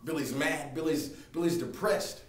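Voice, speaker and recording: Halting young preacher in an echoey room. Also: male voice, a little high. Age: young adult. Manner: halting, repeats and restarts words. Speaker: student preacher. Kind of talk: classroom sermon with storytelling. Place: lecture room. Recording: echoey room, distant mic, faint noise.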